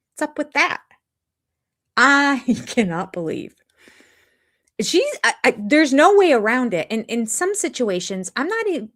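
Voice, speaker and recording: An older woman hosting a live chat from her home, rambling and jumping between topics. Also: fairly high pitch. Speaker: channel host. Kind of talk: live chat reviewing a reality show. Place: home room.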